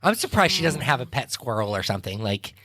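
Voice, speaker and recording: A man's voice: medium pitch, big pitch swings, quick pace, sharp tone. A man co-hosting a church podcast chips in with chatty, teasing asides in casual conversation. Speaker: podcast co-host. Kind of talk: casual chat.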